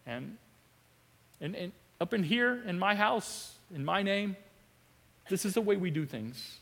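A calm, patient teacher who stays firm, as a man voices him. The bright voice is quieter than a shout, and it rings in a long-reverb hall. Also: high-pitched, a little slow, gravelly, full character voice. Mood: gently firm. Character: Jesus, gently firm male teacher.

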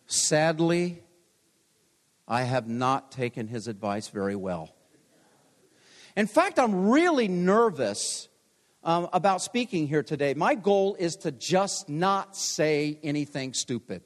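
A man in his sixties delivers a chapel sermon, mixing personal stories with gentle jokes at his own expense. His speaking voice sits fairly high for a man. The sound rings out with a long reverb from the large chapel around him. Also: animated, slow pace. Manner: storytelling, self-deprecating humor. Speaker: pastor.

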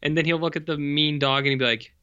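A man's voice: a little high, fairly even intonation, fast talker, bright, forceful tone, clean tone, dull audio. A man co-hosting a podcast, chiming in with quips and agreements about a film. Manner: chimes in with short agreements and quips. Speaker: podcast co-host. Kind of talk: casual chat about a film.

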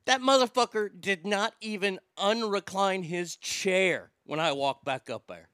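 A man's voice: high voice, unhurried, pushed and bright, clear, resonant tone, dry recording, clean studio sound. A man telling a story as an angry, swearing rant, heated and indignant.

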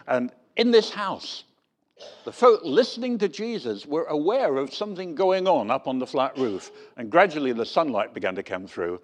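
A man preaching a sermon with a lively, swooping voice that rises and falls widely. He tells stories animatedly, putting on voices for the people in them. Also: mid-range voice. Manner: storytelling, animated, acts out voices in quotes.

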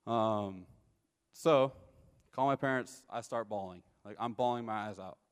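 A man's voice: on the low side, unhurried, smooth, in a large hall. A young man in his twenties telling a personal testimony to an audience, casual storytelling that keeps checking in with listeners. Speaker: speaker giving a personal testimony.

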